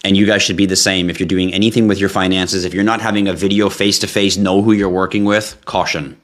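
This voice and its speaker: Low-voiced tired man hosting a live chat. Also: fast talker. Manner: relaxed, chatty, reads viewer questions aloud and answers. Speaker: livestream host answering crypto questions. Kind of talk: casual live Q&A.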